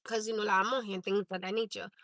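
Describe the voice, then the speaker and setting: Bright-voiced Newark woman chatting live. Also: medium pitch, level tone, very fast, dry recording, poor audio. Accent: Newark, New Jersey. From Newark, New Jersey. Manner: direct and candid, talks straight to the chat. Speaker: livestream host. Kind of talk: casual chat to viewers.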